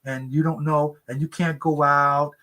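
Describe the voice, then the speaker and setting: A man's voice: flat delivery, measured pace, sharp tone, rough recording. A seventy-year-old man, an author, telling earnest stories in an interview and acting out quoted people in a raised voice. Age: 70s. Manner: earnest storyteller, acts out quotes in a high voice. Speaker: author guest. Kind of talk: conversational interview. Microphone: remote interview mic.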